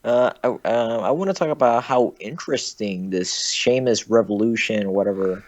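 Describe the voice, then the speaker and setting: A man's voice: on the low side, moderate pace. A young man calling in to a live show. He talks casually and hesitantly, with lots of fillers and casual swearing. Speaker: caller. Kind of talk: casual phone-in chat. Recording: dull, lo-fi call audio.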